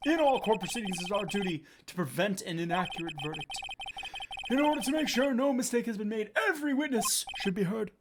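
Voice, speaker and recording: A woman's voice: medium pitch, animated, fast, noisy background, natural voice. A woman reading a cool proud prosecutor. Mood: composed.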